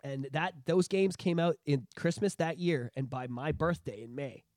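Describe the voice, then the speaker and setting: High-voiced, profane man telling stories. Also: normal speed, dry recording, studio quality. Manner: profane, animated storytelling. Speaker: podcast host. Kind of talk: casual nostalgic chat.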